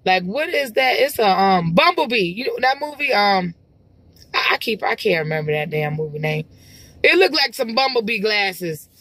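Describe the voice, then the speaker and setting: A woman's voice: medium pitch, sing-song, normal speed, fairly bright tone, no room sound, low-quality recording. Chatty woman rambling while driving. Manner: chatty, rambling, exclamatory with sighs. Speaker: vlogger. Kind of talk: casual chat to camera while driving. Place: car, driving.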